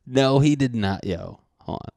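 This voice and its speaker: A young man reacting to a dating show clip in crude, excitable commentary, often swearing and acting out what people are thinking. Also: mid-range voice, unhurried, vocal fry, no echo, clean studio sound. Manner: excitable, swearing, mock-narrating others' thoughts.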